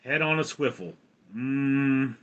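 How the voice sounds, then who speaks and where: An American man hosting a livestream in a casual chat, reading viewer comments aloud and answering them in a rambling, halting way. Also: mid-range voice, fairly bright tone, smooth, muffled recording. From United States. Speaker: livestream host.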